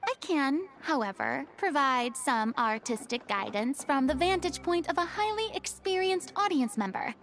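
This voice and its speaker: High-voiced grandiloquent ex-diva, showy and poised. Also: female voice, lively intonation, moderate pace, few pauses, a bit bright. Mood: gracious. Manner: theatrical, flowery and dramatic. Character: grandiloquent young woman, former stage diva. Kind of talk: video game voice acting.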